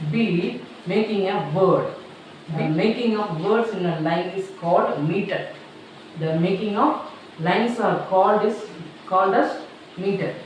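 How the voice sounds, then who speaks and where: Slow teacher dictating in an echoey room. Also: mid-range voice, darkish tone. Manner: repeats each sentence slowly, as if dictating. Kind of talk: classroom lecture dictating notes. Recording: very echoey room, voice far from mic, faint noise.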